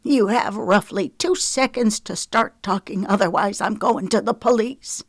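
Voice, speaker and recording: A woman's voice: mid-range voice, measured pace, no echo, clean studio sound, voice pushed up. A woman voicing a suspicious, demanding older grandmother with a drawl, speaking sharply in a raised voice. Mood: threatening.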